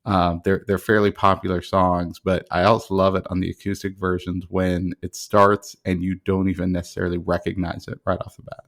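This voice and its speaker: Deep-voiced male podcast host. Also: fairly quick, hardly any pauses. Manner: relaxed, chatty, with fillers. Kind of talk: casual podcast chat.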